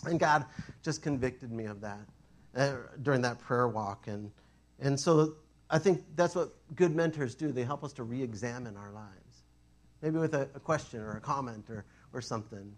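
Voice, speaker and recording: A man preaching a sermon, telling stories in an animated, self-mocking way. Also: medium pitch, normal speed.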